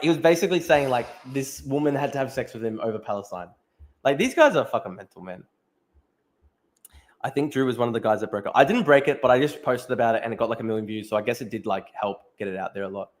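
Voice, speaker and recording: Profane young man livestreaming. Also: mid-range voice. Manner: profane, laughing, scrolling and reacting to posts. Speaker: livestream host. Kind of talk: casual livestream chat reading comments.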